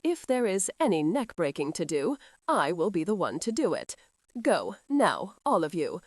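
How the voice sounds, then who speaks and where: A woman narrator voicing a mocking, arrogant young male earl who speaks in a slow, sarcastic drawl. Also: lowish voice, big pitch swings, dry recording, studio quality. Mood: imperious. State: injured, sore ribs.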